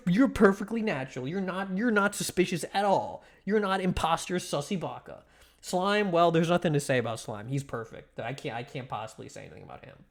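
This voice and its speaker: A young streamer sculpts clay dolls while chatting on a livestream in a voice on the high side. He teases viewers playfully and rambles, with lots of restarts and laughter.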